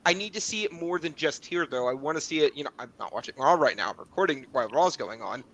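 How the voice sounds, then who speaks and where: A man co-hosting a podcast talks with a voice that sits a touch high for a man. He lays out his view analytically, backing each point with an example. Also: animated, fast talker, fairly bright tone. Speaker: podcast co-host. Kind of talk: casual podcast chat.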